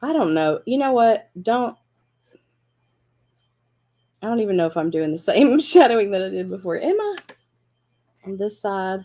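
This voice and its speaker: A craft class host leads a live crafting lesson in a mid-range, dark-toned voice. She chats encouragingly and thinks aloud as she works.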